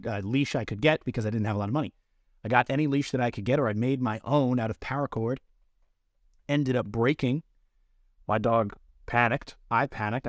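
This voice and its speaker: A man's voice: mid-range voice, no echo. A man talks through dog training on his podcast, plain and practical, leaning on everyday comparisons. His voice sits in a middle register and sounds dry and close, with no room around it. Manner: explanatory, uses everyday analogies. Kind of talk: instructional podcast talk.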